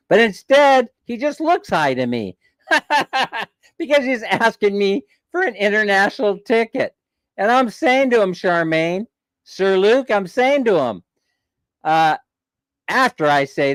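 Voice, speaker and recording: A man's voice: high-pitched, lively intonation, unhurried, fairly bright tone, no echo, low-quality recording. Chatty man telling a story on a live stream. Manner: chatty, jokey, laughs as he tells it. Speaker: vlog host.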